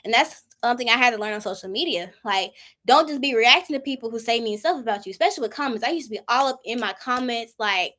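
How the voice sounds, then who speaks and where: A woman's voice: fairly high pitch, expressive, fast, bright, forceful tone. A woman in her twenties leading a Bible study in a casual, informal way, acting out her own prayers as she talks. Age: 20s.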